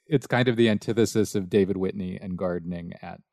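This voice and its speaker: A man's voice: low-pitched, brisk, vocal fry, darkish tone, dry recording, studio quality. A man hosting an interview, wry and blunt, amused by what he describes. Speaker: podcast host. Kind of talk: interview conversation.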